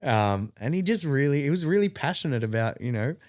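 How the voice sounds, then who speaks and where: A man with an Australian accent, a podcast guest telling a story in casual chat. He talks animatedly, jumps up in pitch to act out quotes and fills in with lots of ums. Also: fairly quick, no echo, clean studio sound. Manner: animated, acts out quotes with rising pitch, many fillers.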